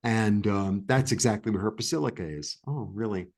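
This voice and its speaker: A man from New York, a guest in an interview, telling a story in a rambling, animated way with many restarts and fillers. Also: on the low side, normal speed. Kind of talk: casual storytelling chat.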